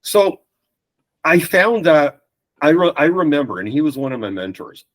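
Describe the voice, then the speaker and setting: Man telling lively anecdotes. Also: on the high side, normal speed, rough recording. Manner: animated anecdotes with quoted voices. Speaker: podcast guest. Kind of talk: casual storytelling chat.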